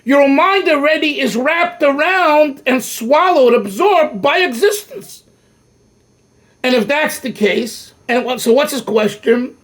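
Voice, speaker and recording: An older man teaching a Torah class as a rabbi, talking in an animated, emphatic way and often restarting his sentences. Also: extremely high pitch, takes it slowly. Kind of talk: Torah lecture.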